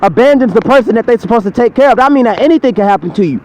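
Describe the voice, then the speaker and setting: A man's voice: extremely high pitch, animated, racing, darkish tone, highs cut off, slight background noise. A man preaching a heated, repetitive sermon outdoors by a street, cursing and hammering his points again and again.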